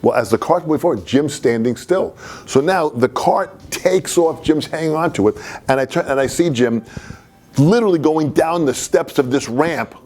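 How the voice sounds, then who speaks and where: A man telling a personal anecdote in an animated way, laughing as he goes. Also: fairly high pitch, moderate pace. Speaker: storyteller.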